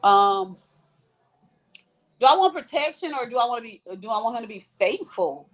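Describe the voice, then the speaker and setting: A woman's voice: fairly high pitch, moderate pace. A woman hosting a casual livestream chat who reads out viewer comments and answers them bluntly, with lots of swearing. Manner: blunt, profane and animated, reading out comments.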